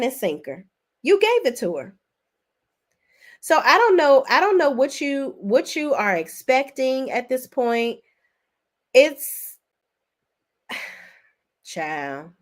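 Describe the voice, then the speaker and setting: A woman hosting a casual reality TV recap, sassy and expressive, laughing often, with big swings in pitch. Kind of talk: casual commentary with live chat.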